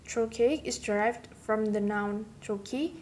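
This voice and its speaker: Brief: young woman, student presenter, reads slowly, higher voice, repeats examples. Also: darkish tone, slight background noise. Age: young adult. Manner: slow, careful, repeats example words. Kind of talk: read-aloud class presentation.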